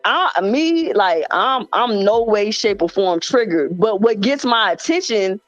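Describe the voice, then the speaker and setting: A woman at a mid pitch tells a rambling, slang-heavy story in a casual live-stream chat. Her voice sounds dry and close, with faint music underneath. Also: lively intonation, unhurried, no room sound, highs cut off. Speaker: guest commentator.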